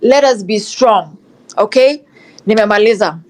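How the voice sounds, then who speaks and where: A woman's voice: mid-range voice, lively intonation, measured pace, darkish tone, low-quality recording. A young woman with a Kenyan accent, speaking passionately in an online discussion, repeating her points and mixing in Swahili. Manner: passionate, repetitive, switches into Swahili. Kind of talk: impassioned live audio discussion.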